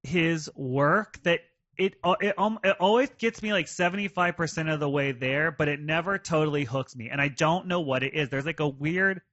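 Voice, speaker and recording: A man's voice: a little high, normal speed, a bit bright, no echo, dull audio. A man co-hosting a podcast in casual chat, musing and trailing off as he thinks. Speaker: podcast co-host.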